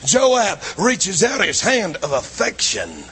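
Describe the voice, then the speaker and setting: Man, preacher, revival sermon, very lively pitch, shouts then drops to a hush. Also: slow pace, slightly rough. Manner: swings between shouting and low, hushed lines. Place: church building.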